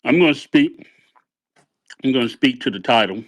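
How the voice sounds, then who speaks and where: A man's voice: medium pitch, expressive, normal speed, fairly bright tone, dry recording. A man speaking up as a caller in a live audio room, making an emphatic political point. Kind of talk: casual political talk.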